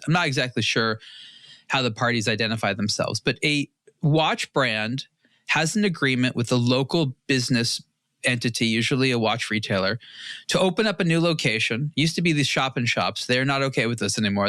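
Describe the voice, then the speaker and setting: A man of middle pitch talks through a casual watch podcast, rambling and restarting with plenty of fillers. His voice sounds dry and close, with no room echo. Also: a little fast, sharp tone. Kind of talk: casual panel chat.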